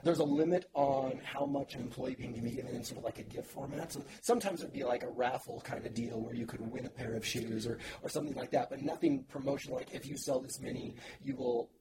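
Relaxed male podcast guest telling stories. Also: mid-range voice, fast talker, few pauses, very noisy. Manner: relaxed storytelling, frequent restarts, easy laughter. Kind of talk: casual interview chat.

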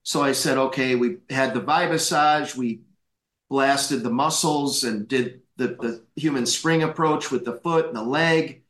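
A man in his fifties, a guest chiropractor, telling animated anecdotes, laughing often and acting out the voices in his stories. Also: mid-range voice, measured pace, roomy sound. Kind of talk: anecdotal storytelling.

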